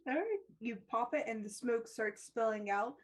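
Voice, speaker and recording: A woman's voice: fairly high pitch, expressive, moderate pace, low-quality recording. A woman running a tabletop game as dungeon master, narrating scenes and laughing easily.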